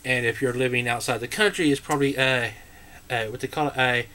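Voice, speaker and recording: A man's voice: mid-range voice, fairly even intonation, a little fast, bright, forceful tone. An American man telling childhood stories to camera in a casual, rambling way, full of asides and filler words. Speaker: vlogger.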